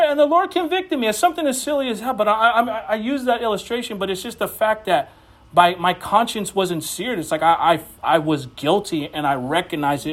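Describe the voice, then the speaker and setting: Preaching with fervor, a man serving as pastor lets his voice rise and fall widely while slipping in brief personal remarks.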